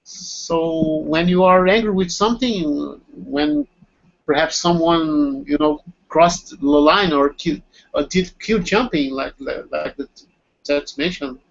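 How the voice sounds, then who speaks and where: A man's voice: a little high, animated, takes it slowly, creaky. Hesitant man answering in a language class. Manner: hesitant, many fillers and restarts. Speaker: language student. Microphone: video call. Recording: muffled video-call audio.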